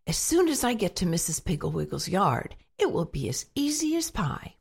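A woman's voice: on the low side, very animated, normal speed, gravelly, darkish tone, husky, full character voice. A woman voicing a nine-year-old farm boy who grumbles and yelps in complaint. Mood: grumbling.

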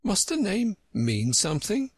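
A man voicing a polite, curious young girl in a storybook reading, speaking gently in a raised voice. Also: high voice, huge pitch swings, a little slow, breathy edge, no room sound, voice pushed up, exaggerated voice. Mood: gentle.

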